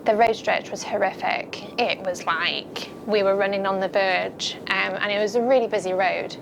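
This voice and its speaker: A woman's voice: mid-range voice, normal speed, creaky, background noise. A young adult woman, an ultramarathon runner, recalling her race in a candid, chatty documentary interview full of "like" and "um".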